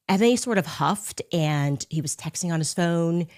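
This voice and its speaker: A woman's voice: on the low side, normal speed, few pauses. Sarcastic woman telling a story. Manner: sarcastic, animated storytelling with laughs. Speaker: podcast host. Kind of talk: storytelling monologue.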